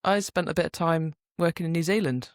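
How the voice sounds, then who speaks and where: Lively young woman co-host. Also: low voice, brisk, no room sound, clean studio sound. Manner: lively storytelling, acts out quotes. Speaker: podcast co-host. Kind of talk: casual chat.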